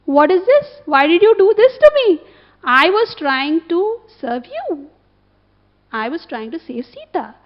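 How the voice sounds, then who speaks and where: A woman's voice: high voice, moderate pace, creaky. A woman voicing an old, wounded male vulture who cries out in lament, in a dull lo-fi recording. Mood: anguished. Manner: crying out in lament.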